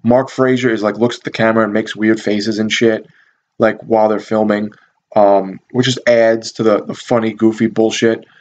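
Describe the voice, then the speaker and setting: A man's voice: lowish voice, flat delivery, moderate pace, darkish tone, muffled recording, slight background noise. A man casually reviewing a cult movie, rambling and swearing with lots of fillers and amused asides. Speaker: video reviewer.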